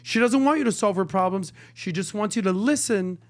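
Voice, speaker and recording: A man with a high-pitched voice co-hosts a casual talk show and gives brash, confident advice. He sounds dry and close to the mic. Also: lively intonation, a little fast, no room sound. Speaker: co-host. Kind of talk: casual chat, giving advice.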